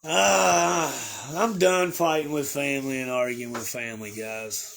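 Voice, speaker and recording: A man's voice: mid-range voice, steady tone, a little slow, vocal fry, few pauses, a bit bright. A young man chatting casually to his viewers, telling a rambling story with crude slang and lots of fillers. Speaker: livestreamer.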